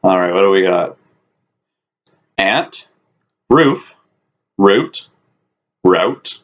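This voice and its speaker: Low, unhurried man trading dry jokes in a casual vlog, dull lo-fi audio. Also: lively intonation. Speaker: vlog co-host. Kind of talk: casual chat, reading a word list.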